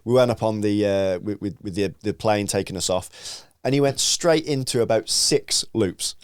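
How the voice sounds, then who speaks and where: A man's voice: fairly low pitch, normal speed, clear, resonant tone, no echo. A young man hosting a podcast, chatting casually and joking about himself with plenty of swearing. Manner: sweary, jokey, self-mocking. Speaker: podcast host. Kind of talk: casual chat.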